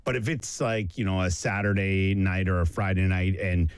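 A middle-aged man chatting casually as a podcast co-host, relaxed and rambling with plenty of fillers. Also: low voice, moderate pace, clean tone, no echo, clean studio sound. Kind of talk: casual chat.

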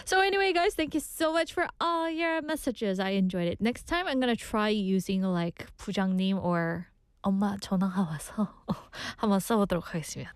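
Brief: young woman radio DJ, playful and giggly, quick delivery with a very animated pitch, dry studio sound. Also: no echo. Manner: playful, giggly, switches between two languages. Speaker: radio DJ host. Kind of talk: bilingual radio show chat reading listener messages.

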